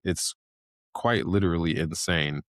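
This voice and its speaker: A man's voice: deep voice, unhurried, dry recording, clean studio sound. A man in his thirties hosting a podcast, ranting casually in a loose, rambling way full of fillers and restarts. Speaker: podcast host.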